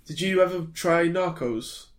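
A man's voice: on the high side, unhurried. A British man co-hosting a casual podcast about films. He rambles, with lots of ums and restarts. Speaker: podcast co-host. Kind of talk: casual film chat.

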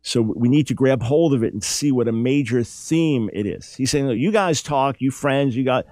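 A man's voice: moderate pace, few pauses, darkish tone, no room sound. A man hosting a radio show, teaching a Bible passage in an earnest, emphatic way and lifting his voice when he acts out the speakers. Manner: earnest, emphatic, rises in pitch when dramatizing.

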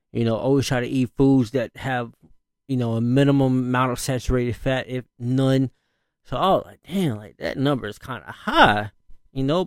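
Laid-back dad. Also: male voice, medium pitch, smooth, no echo, studio quality. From northern US. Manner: laid-back, rambling, frequent fillers and slang, laughs often. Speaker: father. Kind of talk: casual storytelling monologue.

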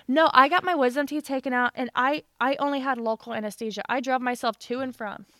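Woman podcast co-host, high and smooth, dry close mic, lively storyteller with a quick laugh. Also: dry recording. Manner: animated, acts out quoted voices, laughs often. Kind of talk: casual chat, storytelling.

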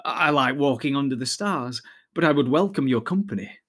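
A man's voice: mid-range voice, lively intonation, moderate pace, fairly bright tone, breathy edge. A man voicing a polite, earnest young male hobbit who asks courteous questions.

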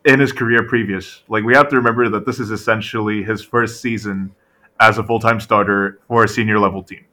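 A man talking through a casual sports podcast, his voice a touch low and forceful with a bright edge. He keeps checking in with "right?" and leans on fillers as he builds a point. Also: a little fast. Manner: animated, full of "right?" tag questions and fillers. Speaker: podcast co-host.

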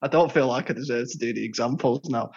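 A man's voice: medium pitch, fast, slightly rough. A man co-hosting a podcast, rambling through self-mocking jokes in casual chat. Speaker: podcast co-host. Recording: dull lo-fi podcast audio.

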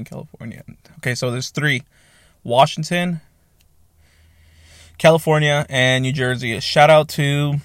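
A man's voice: medium pitch, dry recording. A man in his thirties hosting a solo podcast from a small soundproofed home office on a new mic, talking in a rambling, casual way, swearing freely and correcting himself as he goes. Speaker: podcast host.

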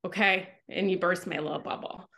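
A woman's voice: lowish voice, fairly even intonation, a little fast, creaky, sharp tone. A woman co-hosting a podcast in casual chat, talking animatedly and acting out her own inner voice. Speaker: podcast co-host.

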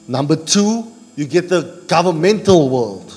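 Pastor preaching in a church hall. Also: male voice, fairly high pitch, lively intonation, measured pace. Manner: call-and-response preaching, asks the congregation to finish verses. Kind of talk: sermon. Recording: church hall reverb with music.

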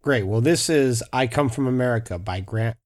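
A man's voice: medium pitch, moderate pace, very noisy. A man hosting a podcast with brief, laid-back replies and reading an ad. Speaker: podcast host. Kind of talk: interview host and read ad.

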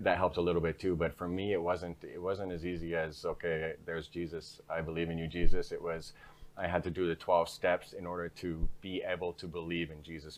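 Very deep, flat-voiced man talking frankly. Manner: frank, repeats "right?" tags. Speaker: interview guest. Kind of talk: candid conversational storytelling.

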